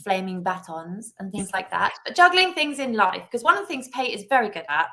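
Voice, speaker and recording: A woman's voice: mid-range voice, big pitch swings, brisk, bright, forceful tone. A woman hosting a casual church livestream chat, bubbly and laughing often. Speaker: host. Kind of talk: casual live-stream chat.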